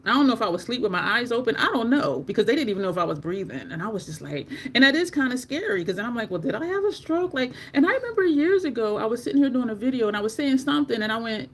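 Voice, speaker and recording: A woman vlogger chatting casually while doing her makeup, telling a story in an animated way, swearing often and jumping to high squeaks when she quotes herself. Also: rapid-fire, few pauses, a little hiss or hum. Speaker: beauty vlogger.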